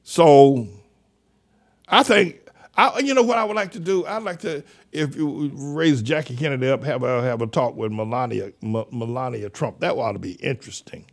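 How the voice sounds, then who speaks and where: A man's voice: mid-range voice, moderate pace. An older man hosting a talk show, delivering rambling, mocking political commentary that trails off and restarts mid-sentence. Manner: mocking, sardonic. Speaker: radio show host.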